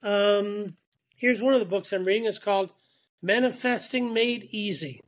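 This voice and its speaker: A man's voice: sits high, normal speed. A man who is a guest on an interview show, joining remotely and telling stories in a chatty way with frequent restarts. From Atlanta, Georgia. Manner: talkative, storytelling with repeated restarts. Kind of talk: casual interview chat. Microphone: remote call.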